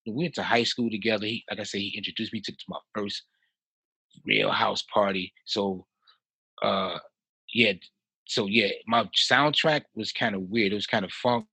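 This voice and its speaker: A man in his fifties from Chicago, a house music producer telling stories as a podcast guest in a lively way, with frequent laughs and restarts. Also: lowish voice, normal speed, husky, dry recording, low-quality recording. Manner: animated, laughs often, repeats and restarts. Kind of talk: casual storytelling in a podcast interview.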